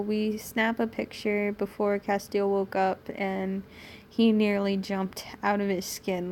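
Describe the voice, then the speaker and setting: A woman's voice: mid-range voice, flat delivery, slow, darkish tone. A young British woman reading fanfiction aloud on a stream, stumbling over the lines and adding sarcastic asides.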